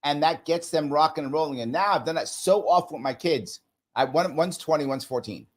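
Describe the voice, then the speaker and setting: A man in his forties from the United States, a management consultant talking as a podcast guest, emphatic and fond of acting out little exchanges. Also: a little fast. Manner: emphatic, acts out little dialogues with rising pitch. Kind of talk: casual conversation.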